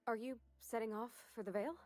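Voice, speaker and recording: A woman's voice: a little high, fairly even intonation, quick pace, a little mellow, close to an everyday voice. A woman voicing a shy, eager young mechanic. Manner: hesitant and eager to please. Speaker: game character.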